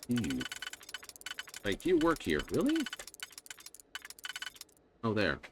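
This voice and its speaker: Lively, low-voiced male game streamer. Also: slow, long pauses, a little hiss or hum. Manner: sarcastic, mimics game characters in quotes. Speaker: gaming streamer. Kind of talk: casual live-stream commentary.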